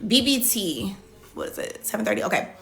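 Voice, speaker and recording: Bright-voiced woman chatting on a livestream. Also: mid-range voice, wildly swooping pitch, brisk, soft background music. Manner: chatty, reads viewer comments aloud and answers them; frequent "like" fillers and restarts. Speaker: reality show contestant hosting a live Q&A. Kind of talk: casual livestream chat.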